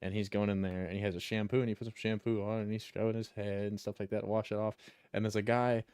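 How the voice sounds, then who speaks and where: A man's voice: fairly low pitch, level tone, fast talker, darkish tone, clear, resonant tone, no echo, clean studio sound. Rambling, swearing young male streamer. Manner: rambling, profane, chuckles while telling stories. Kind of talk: casual chat while gaming.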